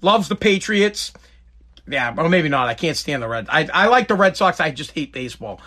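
Bright-voiced man rambling. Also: a little high, lively intonation, a little fast. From Boston, New England. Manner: blunt, joking, chatty with asides. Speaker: vlogger. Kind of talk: casual rambling monologue.

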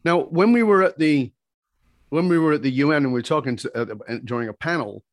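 A man being interviewed about his work teaching communication skills, telling stories in an animated, emphatic way that climbs to excited peaks. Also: on the high side, a little fast, no room sound, clean studio sound. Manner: energetic, emphatic, rising to excited peaks when retelling exchanges. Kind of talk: animated personal storytelling in conversation.

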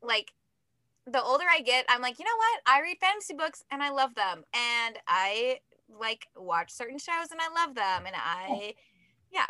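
A young adult woman rambles through a podcast tangent with a giggly, self-mocking lilt. Her voice sits a bit high and sounds bright. The recording is close and dry. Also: sing-song, normal speed, dry recording. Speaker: podcast co-host. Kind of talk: casual chat.

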